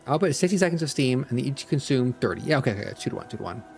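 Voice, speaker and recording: A man's voice: mid-range voice, lively intonation, very fast, gravelly, a little mellow, faint music behind. A man streaming a factory-building game, muttering to himself with playful asides. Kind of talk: casual gameplay commentary.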